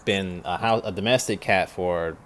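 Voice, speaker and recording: Low-voiced man reacting casually to a film. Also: normal speed, a bit bright, slight background noise. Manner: rambling, thinks aloud with restarts.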